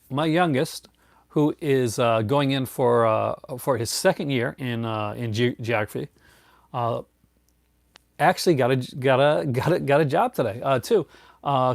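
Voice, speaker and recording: A man's voice: medium pitch, creaky, dry recording, clean studio sound. A middle-aged man hosting a casual live chat, rambling with many fillers and restarts and chuckling often. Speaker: host.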